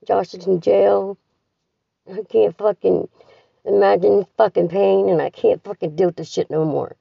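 A woman's voice: medium pitch, steady tone, a little slow, vocal fry, slightly rough, no echo. A middle-aged woman leaving a raw, profane voice message, bitter, grieving and tired. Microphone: phone voice recording. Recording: dull lo-fi phone audio, distant from the mic.

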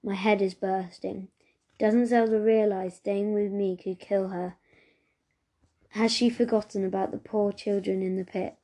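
A woman reading a novel aloud in a steady, even storytelling manner. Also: medium pitch, unhurried. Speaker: reader.

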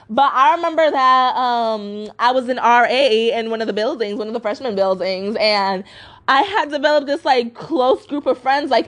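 A woman in her twenties hosting a podcast, ranting casually and swearing a lot, with many fillers. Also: fairly bright tone. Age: 20s. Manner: profane, emphatic, full of fillers; mocking high voice when quoting others. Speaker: podcast host.

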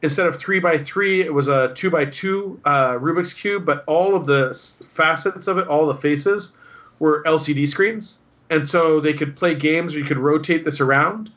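Upbeat guy rambling on a podcast, higher bright voice, kinda dull lo-fi sound. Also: moderate pace. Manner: enthusiastic, rambling with many fillers. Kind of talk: casual chat.

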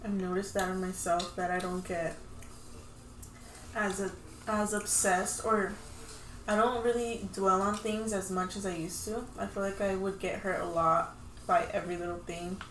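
A woman in her twenties in a casual podcast chat, speaking calmly and thoughtfully. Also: mid-range voice. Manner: calm, thoughtful, unhurried. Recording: echoey room, faint hiss.

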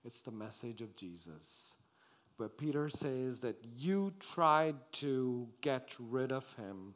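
Slow, dramatic male preacher. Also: medium pitch, expressive. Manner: slow, dramatic preaching that swings from loud to hushed. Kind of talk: sermon.

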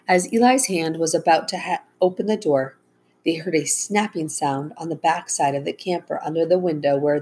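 A woman reading a children's storybook aloud, with gentle, even storytelling and small voice shifts for the characters. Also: low-pitched, slight background noise. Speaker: audiobook narrator.

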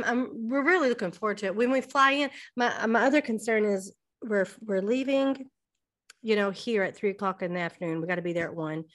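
A middle-aged woman chatting casually as a podcast co-host. Her voice sits at an ordinary middle pitch, and she rambles with frequent restarts, sometimes talking while she eats. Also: fairly bright tone. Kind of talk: casual chat.

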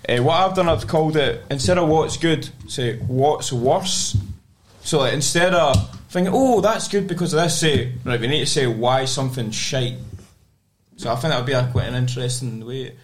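A man's voice: mid-range voice, normal speed, a little hiss or hum. A young Scottish man from Glasgow hosting a casual podcast chat, rambling with lots of restarts. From Scotland (Glasgow). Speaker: podcast host. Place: studio.

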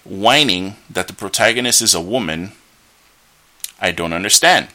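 Unhurried and fairly low, his voice bright and forceful, a solo podcast host rambles through opinionated commentary. Frequent fillers and restarts give way to scornful rants.

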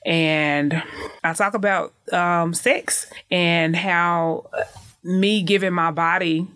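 A woman in her thirties talks openly and with energy as an author in an interview. Her voice sits a little low for a woman and sounds close and dry. She tells stories in a frank, conversational way. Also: slow, no room sound. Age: 30s. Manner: frank, lively, often acting out others' voices. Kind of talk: candid conversational storytelling.

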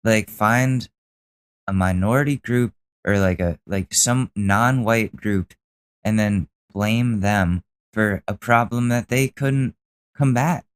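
A young man hosts a podcast and reacts to clips with casual, sarcastic commentary that turns into a rant. His voice sits a little low, and he talks loosely with plenty of asides. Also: takes it slowly, clear, resonant tone. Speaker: podcast host.

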